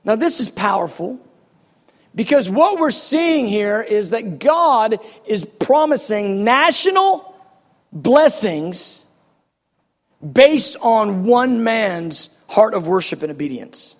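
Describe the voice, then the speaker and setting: A man preaching a passionate, animated sermon, reading scripture and acting out its scenes. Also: high-pitched, in a large hall. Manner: passionate, animated, quick bursts.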